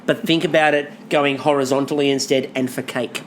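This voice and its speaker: A man co-hosting a podcast in casual chat, animated, swearing freely and listing things off. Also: mid-range voice, a little fast, slight background noise. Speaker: podcast co-host.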